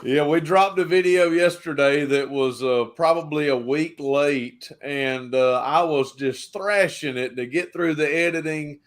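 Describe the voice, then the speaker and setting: A man's voice: a little high, unhurried, hardly any pauses. Easygoing Georgia man, pastor. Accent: Georgia Southern US. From Georgia, United States. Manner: easygoing, laughs often. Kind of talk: casual chat on a livestream.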